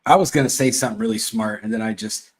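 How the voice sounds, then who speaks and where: A man's voice: high-pitched, very animated, fast, creaky. A man hosting a casual chat show, rambling and self-mocking with plenty of fillers and restarts. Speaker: show host.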